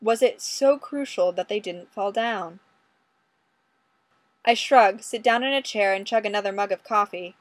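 A woman narrates a first-person story in a wry, conversational voice. Her pitch is mid-range for a woman. The sound is dry and close, with no room echo. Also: measured pace. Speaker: audiobook reader.

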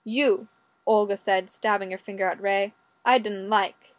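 A woman's voice: mid-range voice, steady tone, a little slow, close to an everyday voice. Imperious Russian woman, accented broken English, mocking and pushy; done by a woman narrator. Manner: bossy, broken English, taunting.

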